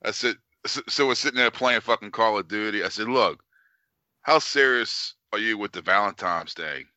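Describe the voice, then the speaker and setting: A man's voice: fairly low pitch, moderate pace, no room sound, highs cut off. A man telling stories casually, swearing constantly and acting out what people said. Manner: animated, swears constantly, acts out quotes. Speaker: podcast co-host. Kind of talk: casual profane storytelling.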